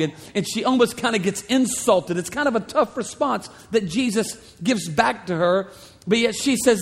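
Storytelling pastor in a ringing hall. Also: male voice, high voice. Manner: storytelling, conversational, animated asides. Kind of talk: sermon. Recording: long hall reverb.

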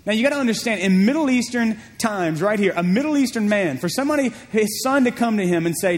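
A man with a high voice preaches a sermon in a church, retelling a story with animated energy and frequent repetitions. His voice rings out with a long hall reverb behind it. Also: fast, hardly any pauses. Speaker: pastor.

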